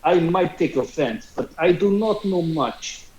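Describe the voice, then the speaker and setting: A man's voice: on the high side, lively intonation, measured pace, a little mellow, a little hiss or hum. A man voicing a brooding male Genasi warrior who speaks in broken, article-dropping phrases during a tabletop game. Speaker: player. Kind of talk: tabletop role-play in character. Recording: roomy echo.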